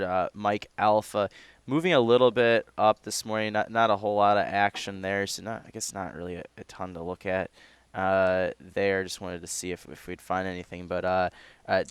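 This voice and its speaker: Man, low smooth voice, dry sound, hesitant, lots of fillers, casual stock market talk. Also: level tone, normal speed, no echo. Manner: hesitant, many fillers and restarts. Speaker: stock market show co-host.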